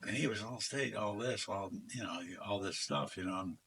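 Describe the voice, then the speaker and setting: A man's voice: on the low side, normal speed, creaky, a bit bright, slight background noise. Older man spinning rambling stories. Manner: rambling anecdotes, acts out quoted dialogue, frequent fillers. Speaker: former football player, interview guest. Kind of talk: casual storytelling interview.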